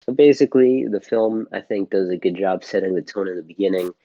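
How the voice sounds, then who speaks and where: Low-voiced male podcast co-host, rambling casual film chat, dull dry lo-fi sound. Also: a little fast, mellow, dry recording. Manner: rambling, loose, swears casually.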